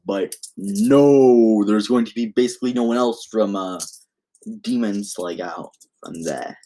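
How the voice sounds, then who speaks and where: A man's voice: lowish voice, measured pace, dark tone. A young man casually improvising a fan story, rambling and often interrupting himself. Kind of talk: improvised fan-fiction narration.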